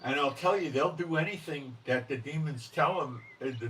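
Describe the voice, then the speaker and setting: A man's voice: medium pitch, moderate pace, a bit bright, slight background noise. Blunt, emphatic man preaching at a distance. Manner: blunt and emphatic, often checks in with "okay?". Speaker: religious commentary host. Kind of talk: unscripted religious monologue.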